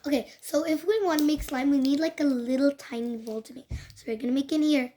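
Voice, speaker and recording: A young girl from Australia chatting excitably in a casual vlog, often stumbling over words. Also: high voice, brisk. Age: child. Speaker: vlogger.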